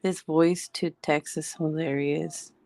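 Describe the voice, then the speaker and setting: A woman's voice: low-pitched, fairly even intonation, slow pace, creaky, mellow, dry recording. A woman in her thirties, a mom at home in Hawaii, chatting casually, laughing often and humming little tunes. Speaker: vlogger. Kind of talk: casual chat while working.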